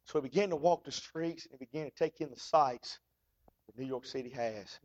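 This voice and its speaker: A man's voice: mid-range voice, a little fast, a little mellow. A man preaching a folksy, fervent sermon. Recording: dull lo-fi recording.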